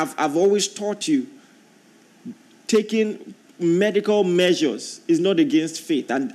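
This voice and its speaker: A man preaching with a notably high voice. He reads scripture aloud and repeats key lines for emphasis. He often climbs into drawn-out, emphatic passages. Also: darkish tone. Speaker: pastor. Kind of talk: sermon.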